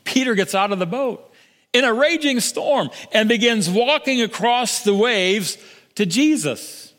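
A man's voice: extremely high pitch, lively intonation, unhurried. Earnest older male preacher in a reverberant hall. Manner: earnest, with repeated restarts and soft drops to near-whisper for emphasis. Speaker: pastor. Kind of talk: sermon.

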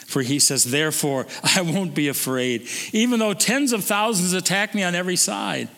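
A man preaching a sermon, swinging between emphatic declaiming and soft, low musing. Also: moderate pace, vocal fry, big-room sound. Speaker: pastor.

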